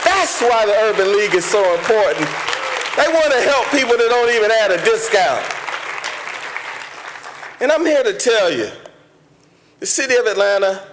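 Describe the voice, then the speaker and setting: A man, a mayor giving a preacherly banquet speech from a podium that builds to impassioned peaks. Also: high-pitched. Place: large banquet hall with an audience.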